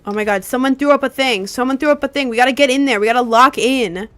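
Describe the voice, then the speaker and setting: A woman streaming live gameplay who comments excitedly and keeps repeating her exclamations. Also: sits high, fast talker, no echo.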